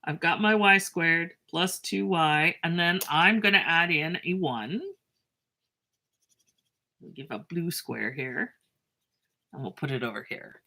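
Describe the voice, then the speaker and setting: A woman teaching a math lesson in a chatty, self-mocking way, with lively asides and a drawn-out pace while she writes. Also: on the low side.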